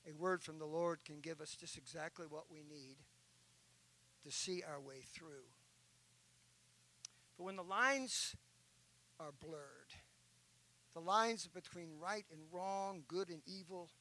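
A bishop with a slightly high, pushed and bright voice preaches a sermon, telling an illustration and building toward emphatic points. His storytelling rises in intensity, though the audio quality is poor.

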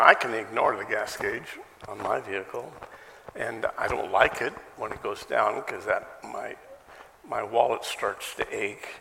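A man's voice: medium pitch, gravelly, sharp tone. A male pastor giving a conversational sermon, full of rhetorical questions and self-deprecating humor, recorded live in a church. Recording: live sermon with hall reverb and faint noise.

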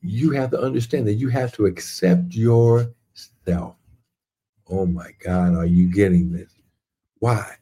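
A male preacher delivers a sermon in a slow, unhurried cadence. His voice is husky and mellow, and his pitch sits a little low. He is fervent, repeats key lines and calls out to his listeners.

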